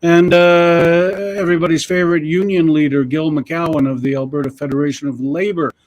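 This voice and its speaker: Canadian male news editor, fairly high voice, halting casual update with many uhs. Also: fairly even intonation.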